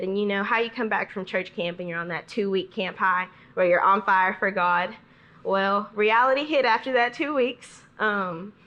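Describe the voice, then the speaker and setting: A young woman gives her church testimony in an earnest, conversational voice. She talks casually with frequent "um"s and "I was like"s and acts out other people's lines as she goes. Her voice sits in an ordinary middle pitch. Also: a bit bright. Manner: earnest storytelling, re-enacting others' words in quotes. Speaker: testimony speaker. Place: church fellowship meeting.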